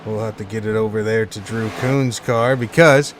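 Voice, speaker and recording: A man's voice: on the low side, steady tone, normal speed, slight background noise. A man commentating a live sim racing stream in a casual, chatty way, reading viewer chat aloud between points updates.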